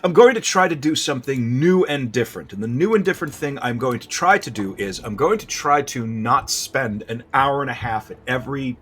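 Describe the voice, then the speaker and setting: A man's voice: medium pitch, lively intonation, brisk, hardly any pauses, a bit bright, slightly rough. A man giving casual, rambling gameplay commentary, self-deprecating and restarting his sentences often.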